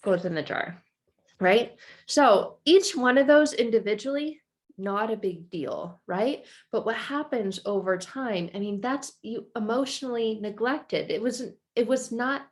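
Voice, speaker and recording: A woman presenting a casual spoken explanation, animated, often repeating words and addressing the listener directly. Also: fairly high pitch, a little slow.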